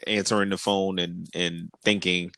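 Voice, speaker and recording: Deep gravelly man chatting. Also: flat delivery, moderate pace, a bit bright. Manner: laid-back, filler-heavy, argumentative. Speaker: podcast co-host. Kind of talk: casual chat.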